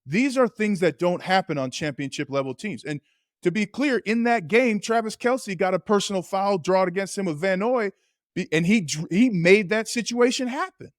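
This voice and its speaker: Male podcast co-host and former player, slightly high-pitched, animated storyteller, dry close-miked sound. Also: moderate pace, no echo. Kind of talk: casual chat.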